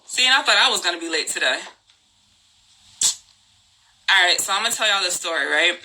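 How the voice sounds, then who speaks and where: A woman from New Jersey hosting a live stream, telling a story in a casual, animated way, laughing often and talking in slang. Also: fairly low pitch, brisk, rough recording. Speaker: host.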